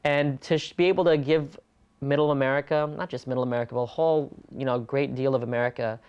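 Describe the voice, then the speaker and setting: A man from California in a relaxed interview, talking earnestly and in an animated way, laughing easily between points. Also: mid-range voice, fast, clean tone, dull audio. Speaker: interview guest, stage performer. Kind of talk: conversational interview.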